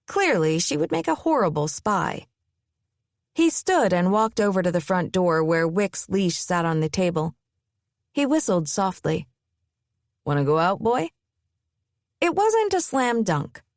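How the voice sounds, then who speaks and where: A woman narrating a romance audiobook in an expressive, measured reading. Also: medium pitch, dry recording, clean studio sound. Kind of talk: scripted narration.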